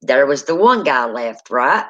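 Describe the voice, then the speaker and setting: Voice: mid-range voice, sing-song, a little slow, bright, forceful tone. A speaker, telling a true ghost story in casual spoken style and acting out the people in it. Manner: dramatic, acts out quoted people. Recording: dull lo-fi sound.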